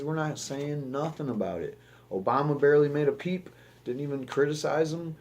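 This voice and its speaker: A man's voice: a little high, moderate pace, a little mellow, a little hiss or hum. A young man from the United States giving rambling, profane news commentary as the host of his own show, often restarting his sentences.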